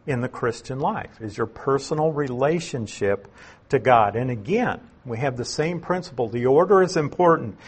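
A man teaching through a Bible passage verse by verse as an elder, unhurried, explaining words and repeating key phrases for emphasis. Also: mid-range voice, husky.

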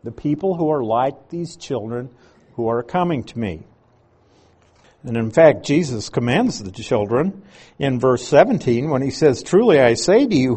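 Man, Bible teacher, slow measured delivery, slightly husky voice. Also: mid-range voice, darkish tone. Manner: reads scripture aloud and explains Greek words.

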